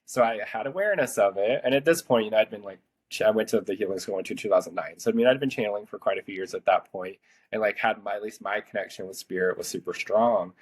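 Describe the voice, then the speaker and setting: A man's voice: on the low side, fast, husky. A man around thirty, a podcast host, telling a personal story in casual, rambling talk full of "like". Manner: chatty, rambling, heavy use of "like".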